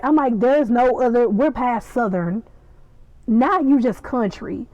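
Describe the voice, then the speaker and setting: A woman's voice: fairly high pitch, a little slow, no echo, low-quality recording. A young woman hosting a podcast, casually and animatedly retelling a TV episode and acting out the characters' lines. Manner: animated, gossipy retelling with acted-out quotes. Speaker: podcast host reviewing a TV episode. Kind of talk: casual chat.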